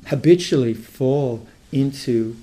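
With a mellow, relaxed, mid-range voice, an older meditation teacher thinks aloud in the unhurried style of a dharma talk. He is thoughtful and halting, beginning phrases repeatedly before settling on what he means.

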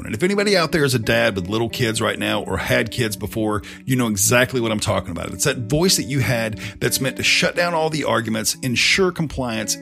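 A man candidly telling a personal story as a father, frank and profane, swearing freely as he confesses. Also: creaky. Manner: grows louder and tense in the angry stretch, then drops low and quiet. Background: faint guitar music.

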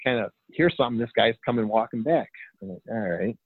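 A man's voice: mid-range voice, quick pace, breathy edge, no echo. A man from Michigan telling a long story in a laid-back, rambling way as a guest, playing out the dialogue as he goes. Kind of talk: casual storytelling. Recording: dry phone-like line.

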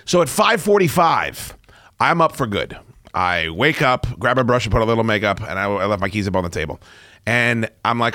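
Loud, profane male talk radio host. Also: fairly low pitch, lively intonation, moderate pace, dry recording, studio quality. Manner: loud, profane, laughing rants.

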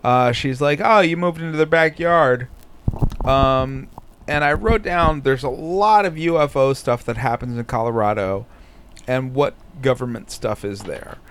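A man hosts a podcast in loose, casual talk. He swears nonstop and lays on the sarcasm. His voice sits at an everyday middle pitch. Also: measured pace, slight background noise. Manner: crude, swears constantly, sarcastic. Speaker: podcast host. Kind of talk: casual profane commentary.

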